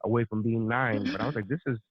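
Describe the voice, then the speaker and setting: A man's voice: lowish voice, fast, dry recording. A man co-hosting a podcast, telling a rambling story in casual chat, laughing and swearing as he goes. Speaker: podcast co-host. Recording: tinny phone-like line.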